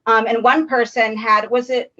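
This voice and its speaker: A woman's voice: a little high, little pitch movement, normal speed, bright, forceful tone, dull audio. A woman, co-hosting a casual interview and speaking hesitantly with many fillers. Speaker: co-host.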